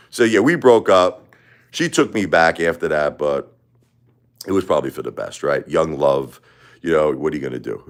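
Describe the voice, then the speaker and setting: Rambling man telling stories on a live stream. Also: sits low. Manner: rambling, digressive, frequent "you know" and "right?". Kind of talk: casual storytelling.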